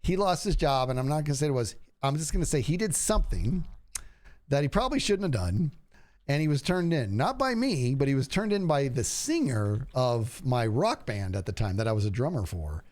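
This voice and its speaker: Animated storytelling man, says "dude" a lot. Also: mid-range voice, fairly quick. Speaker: streamer. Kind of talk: casual chat.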